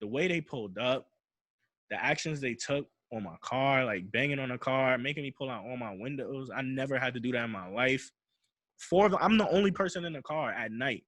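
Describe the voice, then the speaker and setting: A young man recounts a personal story in loose, slangy talk, circling back with "I'm like." His voice sits at a middle pitch, recorded dry with no room sound around it. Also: animated, fairly quick, fairly bright tone, no room sound. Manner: slangy, repeats "I'm like" and restarts while retelling. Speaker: podcast host.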